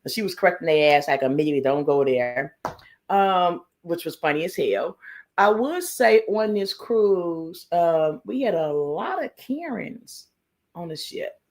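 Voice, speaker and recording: A woman's voice: on the low side, animated, measured pace. A woman hosting a casual live stream, telling stories animatedly, laughing often, swearing freely and greeting chat viewers by name. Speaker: livestream host.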